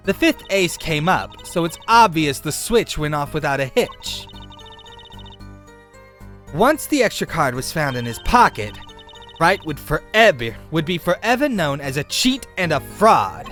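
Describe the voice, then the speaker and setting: A scheming card-shark waitress with a hokey hillbilly drawl, as a man puts her on. Theatrical and boastful, with a lively, swooping delivery that lands slow and drawn out, over faint music. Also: fairly high pitch. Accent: put-on hillbilly drawl. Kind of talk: voicing game dialogue.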